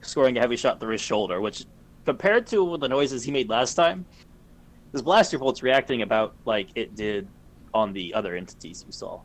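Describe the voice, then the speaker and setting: Game master, male: mid-pitched, calm and descriptive, explains rules patiently over voice chat. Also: moderate pace. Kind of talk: narrating a tabletop game.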